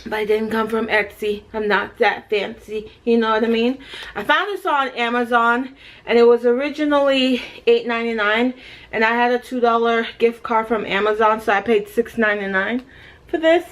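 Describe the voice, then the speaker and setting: A woman from Jamaica, in her thirties, talks casually to the camera in a pregnancy update vlog. Her voice sits fairly high. She keeps the chat light with playful, self-mocking asides. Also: moderate pace. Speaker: vlogger.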